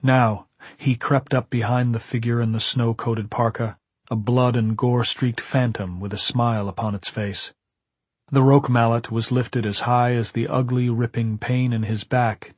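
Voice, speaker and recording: A man narrating an audiobook in a measured, dramatic storytelling manner. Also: medium pitch, fairly even intonation, a little mellow, husky, no echo. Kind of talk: scripted narration.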